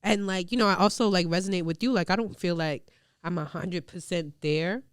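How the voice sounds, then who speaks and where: A young woman hosts a casual podcast chat. She is frank and curious and scatters "like" and "you know" through her talk. Her voice sits a little low and comes through crisp and very clear, in a dry, close recording. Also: brisk, no room sound. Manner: frank, curious, heavy on filler "like". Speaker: podcast host.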